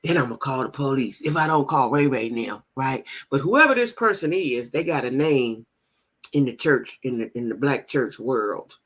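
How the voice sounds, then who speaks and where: A woman's voice: very deep voice, animated, moderate pace, husky. A woman hosting a gossip show, chatting casually and directly to her viewers, repeating phrases for emphasis. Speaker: host of a gossip channel.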